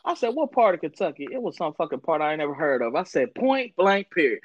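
Animated, profane male podcast host. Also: on the high side, fast, no room sound, highs cut off. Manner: animated storytelling, heavy cursing, acts out quoted people. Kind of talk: casual profane chat.

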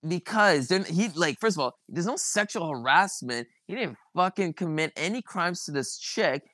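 A man's voice: on the high side, lively intonation, normal speed, sharp tone, no echo. A man hosting a podcast, ranting about basketball in a heated, profane, rambling way. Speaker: podcast host. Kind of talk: casual sports chat.

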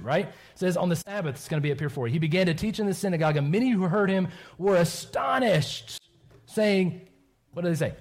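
A man's voice: high-pitched, darkish tone. A man preaching a sermon, chatting playfully with a child in front of the congregation and laughing easily. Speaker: pastor.

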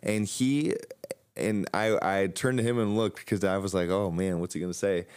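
Deep smooth-voiced young man. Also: fairly even intonation, normal speed, darkish tone, no room sound, studio quality. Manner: rambling storyteller with many fillers and restarts. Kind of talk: casual religious chat.

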